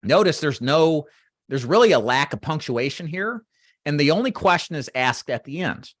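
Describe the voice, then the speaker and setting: A man teaching final expense phone sales, walking trainees through a phone script and acting out sample call lines in a brisk sales voice, with frequent "right?" check-ins. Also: fairly high pitch, expressive, no echo, clean studio sound. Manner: talks straight to trainees, checks in with "right?" and "does that make sense?". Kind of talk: instructional walkthrough of a phone script.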